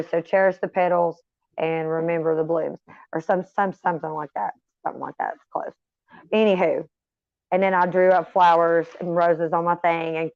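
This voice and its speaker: In a fairly low voice, a middle-aged woman chats casually with her viewers as a vlogger, swearing freely and rambling off on tangents. The recording is dry and slightly dull.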